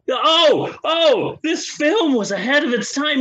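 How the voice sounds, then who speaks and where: A man with a strikingly high, bright voice rants in exaggerated comic outrage, swearing freely. His pitch leaps around widely as he drags out his complaints slowly and theatrically. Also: expressive, no room sound, low-quality recording. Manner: exasperated, profane, theatrical outrage. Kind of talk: comedic rant.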